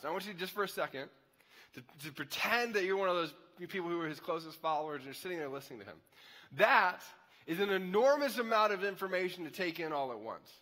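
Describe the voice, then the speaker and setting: Male pastor, animated conversational sermon, fairly high voice, reverberant auditorium. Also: fast. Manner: conversational, animated storytelling with asides. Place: church auditorium. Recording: echoey hall.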